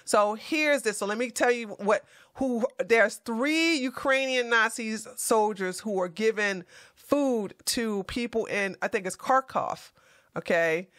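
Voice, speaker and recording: Woman, commentary host, bright tense voice, dry close sound, emphatic and heated. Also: fairly high pitch, slow pace, dry recording. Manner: animated, emphatic, profane outbursts. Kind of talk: casual commentary over a played video.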